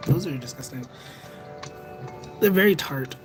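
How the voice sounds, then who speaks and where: A young man chatting casually with viewers on a livestream, rambling and second-guessing himself out loud. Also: on the high side, expressive, a little slow. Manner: rambling, self-conscious, overthinks aloud. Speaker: livestreamer and tarot reader. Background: music playing in the background.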